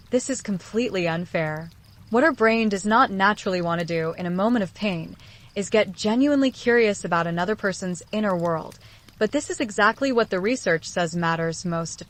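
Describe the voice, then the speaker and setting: A woman with a mid-range voice narrates a scripted self-help piece on relationships. Her delivery is calm and earnest, and she speaks directly to the listener. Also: mid-range voice. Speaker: relationship psychology video host.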